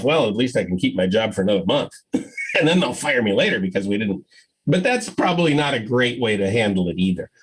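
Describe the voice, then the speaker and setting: A man's voice: medium pitch, slightly rough, low-quality recording. An older man giving a conference keynote, telling stories and acting out the voices of the people in them. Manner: animated storytelling, acts out quoted voices. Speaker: keynote speaker.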